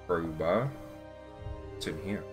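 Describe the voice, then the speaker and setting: A man's voice: deep voice, takes it slowly, soft background music. A man casually commenting while playing a video game, reading notes aloud and laughing. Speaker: gaming channel host. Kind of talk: casual let's play commentary.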